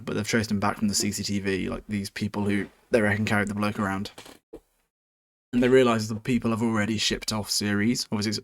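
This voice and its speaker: A man's voice: on the low side, no room sound. A man hosting a podcast, recapping a book chapter in a loose, rambling, sweary way with many restarts. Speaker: podcast host.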